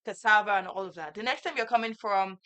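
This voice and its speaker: A woman's voice: mid-range voice, fast, fairly bright tone, smooth, highs cut off. A young woman co-hosting a farm talk show, playful and teasing in casual chat. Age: young adult. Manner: playful, laughing, teasing asides. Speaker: co-host.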